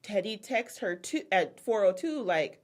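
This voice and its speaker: Chatty woman host with lively pitch. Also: unhurried. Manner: chatty storyteller, lots of fillers and quoting. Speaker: podcast co-host. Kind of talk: casual gossip chat about reality TV.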